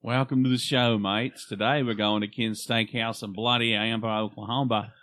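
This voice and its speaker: A man's voice: fairly low pitch, flat delivery, moderate pace, a bit bright, lightly acted. A man putting on a jokey mock British bloke voice, hamming it up. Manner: hammy, laughing at himself.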